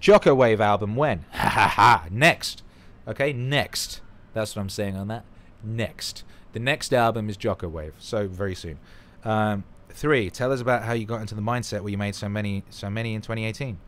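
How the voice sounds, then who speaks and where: A man hosting a casual livestream chat, excitable and swearing freely, swinging between mumbles and loud bursts. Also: on the low side, moderate pace. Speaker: livestream host.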